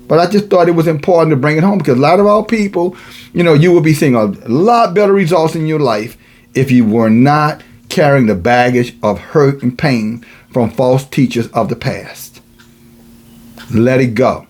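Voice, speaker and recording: A man's voice: mid-range voice, expressive, moderate pace, darkish tone, faint music behind. A man preaching a sermon, mixing casual asides and chuckles with emphatic, rising passages.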